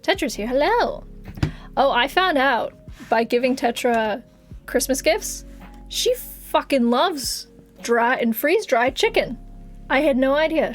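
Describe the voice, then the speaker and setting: A woman's voice: high voice, expressive, unhurried. A young woman streamer chatting casually on a live stream, giggling often and swearing offhandedly, with music faintly behind. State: has covid.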